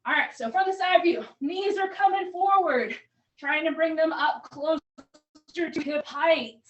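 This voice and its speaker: A woman's voice: extremely high pitch, measured pace, distant mic, highs cut off, a little hiss or hum. A woman fitness coach leading an online workout class, cueing moves and counting down reps while a little out of breath. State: slightly out of breath. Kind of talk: live online workout instruction.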